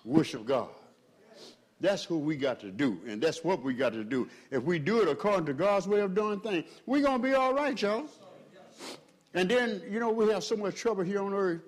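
Male pastor, fiery sermon delivery, swings between loud peaks and quiet stretches, slightly higher voice. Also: expressive, a little fast. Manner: preaching with swells in pitch and volume, calls to the congregation.

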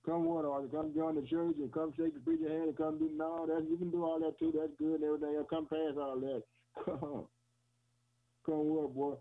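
A man's voice: on the high side, expressive, a little fast, vocal fry. A man preaching a sermon on the radio in a rhythmic, repetitive way, often calling his listeners "boy" and "man" and chuckling between phrases. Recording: tinny phone-like radio broadcast.

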